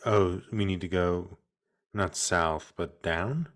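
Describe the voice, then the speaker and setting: A man's voice: sits low, takes it slowly, fairly bright tone. A man playing a text adventure with friends, thinking aloud about the next move and joking in a casual chat. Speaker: player.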